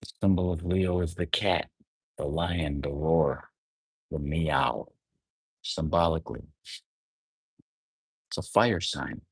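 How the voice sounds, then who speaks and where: A man's voice: rumbling low, takes it slowly, vocal fry, long pauses, breathy edge, no echo. A man talking on his own without a script, musing aloud, often rephrasing and trailing off mid-thought, and asking the listener reflective questions. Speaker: astrologer. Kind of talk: unscripted solo monologue.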